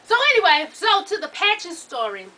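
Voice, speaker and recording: A woman's voice: very high voice, moderate pace. A young woman telling a long story in a casual vlog, profane and laughing through it. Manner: animated, profane, laughs through her stories. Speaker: vlogger. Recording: voice from a distance off the mic.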